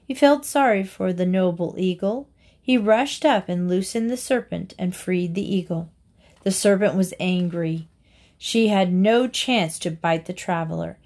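A woman narrating classic fables aloud for listeners. She reads slowly and deliberately, pausing to give each moral its weight. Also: lowish voice, darkish tone. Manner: slow, deliberate reading aloud. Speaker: reader. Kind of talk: storybook narration.

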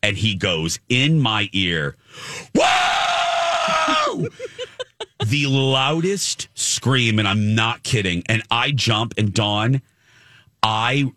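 A man's voice: lowish voice, takes it slowly. A man co-hosting a casual podcast chat, telling a funny story with lots of energy and acting out the people in it. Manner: animated storyteller, acts out voices of people in the story. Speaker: podcast co-host.

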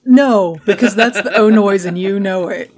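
A woman's voice: medium pitch, normal speed. A woman co-hosting a podcast in casual chat, joking and laughing often. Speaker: podcast co-host.

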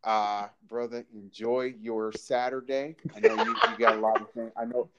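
A man hosts an interview at a middle pitch, warmly affirming his guest and laughing along. He wraps up with encouraging thanks. Clear crowd noise sits behind his voice. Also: little pitch movement, normal speed, muffled recording. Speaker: host.

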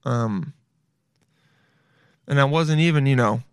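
A man's voice: mid-range voice, takes it slowly, clean tone, no room sound, studio quality. A man hosting a podcast, riffing in casual comedic commentary, rambling, swearing and calling the listeners "dude". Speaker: podcast host.

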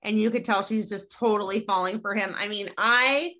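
A woman hosting a casual podcast chat, retelling a sitcom episode in a lively storytelling way with quick asides. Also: mid-range voice. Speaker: podcast host.

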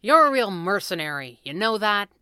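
A woman's voice: medium pitch, big pitch swings, moderate pace, bright, forceful tone, smooth, no room sound, studio quality. A woman reading a storybook, voicing an indignant young man who protests and sulks. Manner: protesting, sulky.

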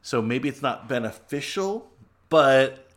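A man's voice: medium pitch, expressive, takes it slowly, a bit bright. A man co-hosting a podcast in casual chat, joking and rambling through mock sponsor plugs. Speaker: podcast co-host.

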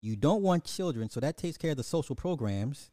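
Casting: slightly high-voiced male podcast host, profane, animated live-stream rant, dry close sound. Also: a little fast, no room sound. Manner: profane, animated, repeats and restarts a lot; talks straight to the audience, laughs at his own points.

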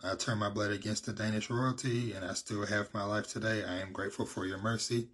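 A humble young former warrior speaks calmly and earnestly, as a man reads his lines in a deep, husky voice. The pitch barely moves. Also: fairly quick.

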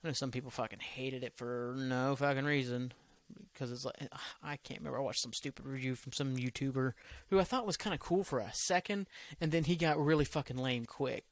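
A man's voice: mid-range voice, normal speed, dry recording. A man hosting a solo podcast, rambling from topic to topic in loose, profane talk that often trails off. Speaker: podcast host.

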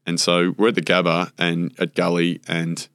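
A man's voice: low voice, monotone, moderate pace, a bit bright, no room sound, clean studio sound. An Australian man, a former cricketer, chatting as a guest and telling rambling stories full of fillers and acted-out quotes. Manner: rambling anecdotes with many fillers, acts out quotes. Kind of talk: casual storytelling interview.

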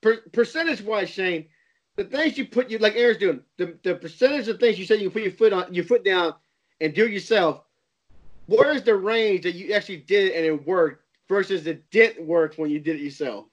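A man co-hosting a podcast, asking quick, teasing questions during casual chat. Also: sits high. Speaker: podcast co-host. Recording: dull lo-fi sound.

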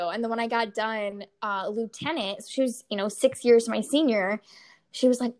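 A woman's voice: a little high, moderate pace. A woman in her thirties, co-hosting a casual chat, telling stories animatedly and laughing often. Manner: animated, laughs often, filler-heavy storytelling. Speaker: podcast co-host.

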